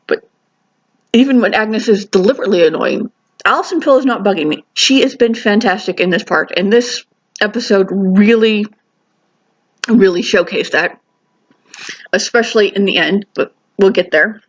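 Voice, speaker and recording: A woman's voice: medium pitch, moderate pace, pauses often, highs cut off. A woman giving a casual spoken review of a TV episode, chatty and enthusiastic, with frequent restarts and asides.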